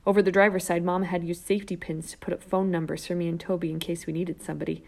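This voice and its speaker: A woman reading a first-person children's novel aloud, lively and character-driven, with whispered asides. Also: fairly low pitch, fast talker, creaky. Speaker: audiobook narrator. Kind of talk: first-person storybook narration.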